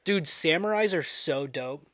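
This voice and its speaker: A man's voice: on the high side, no room sound, studio quality. A young man co-hosting a casual podcast, talking loosely and animatedly with lots of swearing. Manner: loose, animated, swears, quick bursts of laughter. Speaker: podcast co-host.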